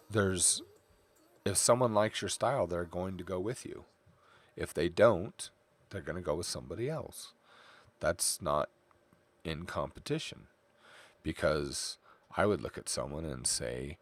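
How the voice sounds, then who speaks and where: There is no echo on this low, sing-song male voice, which moves at a measured pace. A middle-aged Californian artist, he chats casually while drawing on stream, rambling off into stories and tangents.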